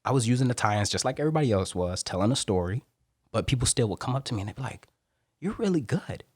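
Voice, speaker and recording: Rapid-talking man telling stories. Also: on the low side, no echo, studio quality. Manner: animated, rapid storytelling. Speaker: Marine guest speaker. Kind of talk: podcast interview storytelling.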